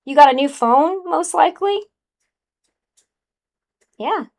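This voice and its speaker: A woman's voice: sits high, animated, slow pace, vocal fry, darkish tone. A woman giving a casual, sassy spiritual card reading to the viewer, calling them honey. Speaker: tarot card reader.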